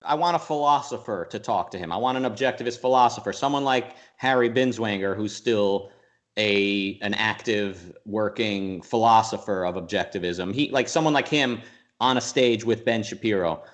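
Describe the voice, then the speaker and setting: A man as an interview guest, talking in a rambling, animated way, full of restarts and quick jumps into mock voices. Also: lowish voice. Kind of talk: casual conversational interview.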